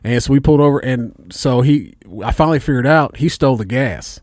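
A man's voice: mid-range voice, brisk, no echo. A man telling a story in loose, casual chat, swearing freely as he goes. His voice sits in a middling range and comes through close and dry, with no room sound around it. He is from Indiana. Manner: profane, animated storyteller.

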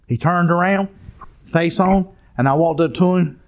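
A man's voice: a little high, normal speed. A man preaching a sermon, telling stories and calling out to the congregation. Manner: storytelling, addresses the congregation directly.

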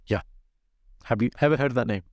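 A young man co-hosting a podcast, telling stories in a casual, energetic and animated way. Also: medium pitch, fast, dry recording. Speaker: podcast co-host. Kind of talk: casual chat.

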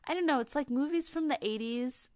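A woman's voice: high-pitched, brisk, darkish tone, no echo, clean studio sound. A young American woman co-hosting a podcast, chatting casually and trailing off with lots of fillers. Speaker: podcast co-host. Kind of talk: casual chat.

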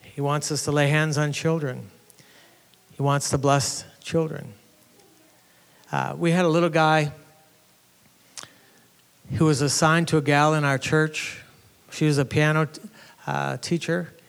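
Pastor teaching in an echoing hall. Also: male voice, a little high, gravelly, clear, resonant tone. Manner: conversational, earnest, frequent restarts. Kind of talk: teaching sermon with storytelling. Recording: reverberant hall.

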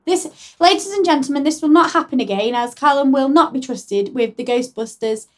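A woman's voice: high voice, moderate pace. A woman co-hosting a casual podcast, giggly and teasing, on one mic shared in a room at the back of a house. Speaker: podcast co-host. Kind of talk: casual chat. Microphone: one microphone shared by two people.

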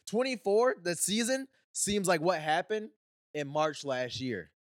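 A man's voice: high-pitched, very animated, unhurried, dry recording. A young man co-hosting a casual podcast, ranting with profanity and exasperation. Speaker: podcast co-host. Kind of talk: casual crude podcast banter.

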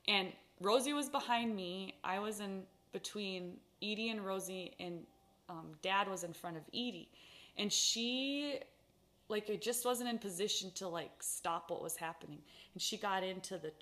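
A woman chatting casually at a kitchen table, spinning lively ranch stories with frequent laughter. Her voice sits at a middle pitch, and she talks in an easy conversational way with her sister. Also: normal speed. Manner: animated storyteller, laughs often. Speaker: podcast host.

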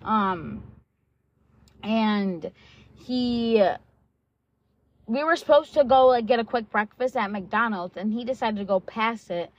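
A young woman in her twenties with a fairly high voice tells a story in a blunt, unfiltered way. She swears freely, leans on "like" and "um", and acts out bits of dialogue as she goes. The recording sounds dull and lo-fi. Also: slow pace, pauses often, no echo. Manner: candid and blunt, swears often, many fillers like "like" and "um"; acts out quoted dialogue while retelling. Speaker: vlogger. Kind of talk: casual storytelling.

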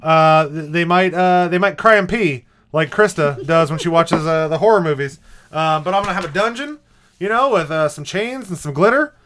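A man's voice: a little high, normal speed, fairly bright tone, lightly acted. A man voicing an eager, folksy suburban dad who is hatching a basement scare contraption. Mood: gleeful scheming.

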